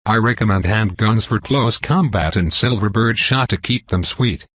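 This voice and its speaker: A man's voice: fairly low pitch, moderate pace, fairly bright tone, breathy edge, no echo, clean studio sound. A man voicing a blunt young werewolf hunter in an audiobook, lecturing soldiers on weapons.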